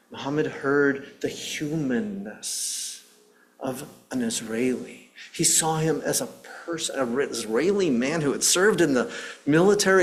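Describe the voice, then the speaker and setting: A man preaching as a minister, telling a long story in an earnest, halting way with frequent restarts and pauses. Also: mid-range voice. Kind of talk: sermon storytelling.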